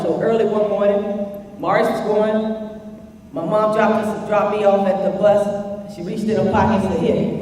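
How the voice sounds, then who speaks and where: A woman's voice: medium pitch, a little mellow. A woman telling a playful, joking story while speaking to students. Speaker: motivational speaker. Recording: echoey hall from far off.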